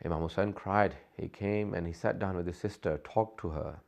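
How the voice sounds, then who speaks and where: A man narrates a religious sermon with a deeply gravelly, rough texture to his voice. His storytelling is impassioned, and his voice lifts and strains as the emotion builds. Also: steady tone, moderate pace, a little mellow. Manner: impassioned storytelling, voice rising and straining when quoting. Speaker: speaker.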